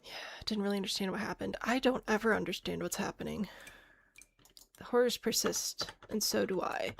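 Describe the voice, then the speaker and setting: A woman's voice: medium pitch, moderate pace, gravelly, slightly rough. A woman streaming a game, chatting casually, thinking aloud and answering chat with self-mocking laughs. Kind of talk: casual live-stream chat while playing.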